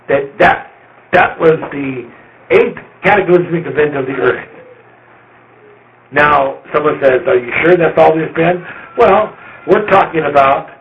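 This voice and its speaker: A man with a fairly high voice gives a loose, conversational Bible lesson and repeats words for emphasis. The recording is roomy and dull, with a faint hiss behind him. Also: a bit bright. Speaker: Bible teacher. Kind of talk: informal Bible study lecture.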